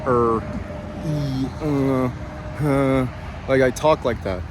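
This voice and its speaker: A breathy man speaks in a confessional personal vlog. His voice sits at an ordinary middle pitch and has a slightly complaining tone. He stumbles through fillers and restarts while faint outdoor noise hums underneath. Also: fairly even intonation, takes it slowly. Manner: hesitant, many fillers and restarts. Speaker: vlogger.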